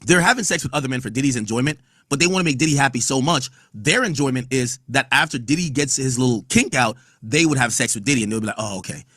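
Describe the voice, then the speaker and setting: Here a man hosting a podcast reads testimony from court and riffs on it bluntly and profanely, in a casual way. His medium-pitched voice is bright, forceful and slightly rough, and he talks fast with hardly any pauses. It's a dry, studio-quality recording.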